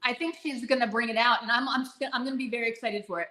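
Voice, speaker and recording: A woman's voice: on the high side, fairly even intonation, racing, bright, forceful tone, reverberant, rough recording. A woman co-hosting a fan podcast, chatting casually and gushing with lots of fillers and restarts. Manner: gushing, rambling with many fillers. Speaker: podcast co-host.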